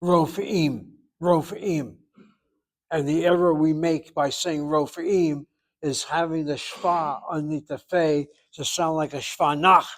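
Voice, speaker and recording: A man teaching a Hebrew class, explaining pronunciation and slowly repeating words for students to copy. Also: a little high. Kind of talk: classroom lecture.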